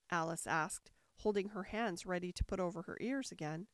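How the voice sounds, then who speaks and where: A woman narrating a storybook aloud in an expressive way, switching into voices for the characters. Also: mid-range voice, normal speed, few pauses, no echo, clean studio sound. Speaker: audiobook narrator. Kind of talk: storybook reading.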